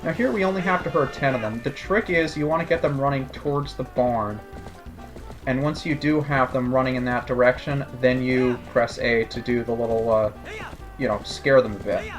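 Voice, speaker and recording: A man's voice: mid-range voice, normal speed, faint music behind. A man giving casual, sarcastic commentary over a video game playthrough. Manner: sarcastic, joking asides. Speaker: let's play commentator.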